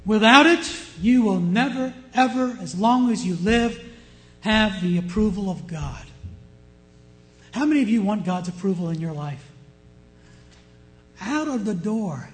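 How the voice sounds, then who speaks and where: A man with a notably high voice preaches a sermon, his delivery climbing to loud emphatic peaks before dropping to hushed asides. He keeps turning to the congregation with rhetorical questions. Faint music plays softly beneath him. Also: moderate pace, rough recording. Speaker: pastor.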